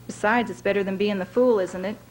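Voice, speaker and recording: A woman's voice: medium pitch, fairly even intonation, brisk, natural voice, low-quality recording. A woman reading aloud voices a folksy male bus driver who teases in a drawl and calls people darlin'. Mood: teasing.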